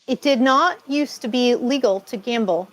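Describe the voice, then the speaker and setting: A woman from Massachusetts chats on a live stream in a slightly high voice. She rambles, restarts her thoughts and laughs easily, like she is talking with friends at home. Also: normal speed, low-quality recording. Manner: chatty, rambling, laughs often. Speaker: co-host of a live chat stream. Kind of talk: casual live-stream chat.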